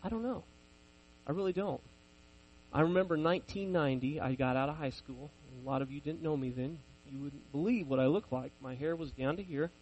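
A man's voice: on the high side, fairly quick, darkish tone, rough recording. A man in his forties preaching a sermon, telling personal stories in a conversational, self-deprecating way.

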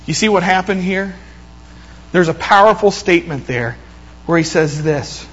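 A man preaching a sermon, retelling a scripture story with lively quoted voices and frequent restarts. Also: a little high, measured pace, dull audio, a little hiss or hum.

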